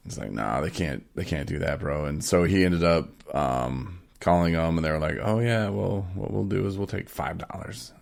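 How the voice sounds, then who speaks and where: A man chats casually on his podcast from a home studio. His voice sits very low with a gravelly fry. He tells stories easily, laughs often and acts out other people's lines. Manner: laid-back storytelling, laughs often, acts out quotes. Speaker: podcast host.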